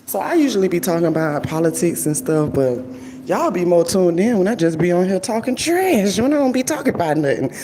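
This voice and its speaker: A middle-aged woman from Florida, chatting casually at home on her vlog and drifting into animated stories and tangents. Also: lowish voice, a little fast, a little hiss or hum. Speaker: vlog host. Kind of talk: casual rambling chat.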